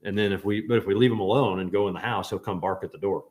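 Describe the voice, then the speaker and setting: A man teaching a Bible class in a casual, joking way, telling animated stories. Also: low voice, quick pace, roomy sound.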